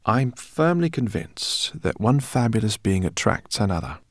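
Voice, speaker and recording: A man's voice: on the low side, big pitch swings, unhurried, dry recording, studio quality, voice pushed up. A man voicing a kindly, bookish male professor who talks in a courteous, rambling way. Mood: genial. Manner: courteous, rambling, gently embarrassed. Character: kindly bookish male professor, middle-aged, fussy host.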